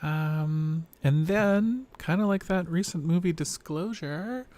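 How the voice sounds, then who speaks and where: A woman with a low, androgynous voice that still reads as mostly male, rambling reflectively and wryly in a late-night video diary, sounding tired. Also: slow, mellow. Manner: rambling, reflective, wry and self-deprecating.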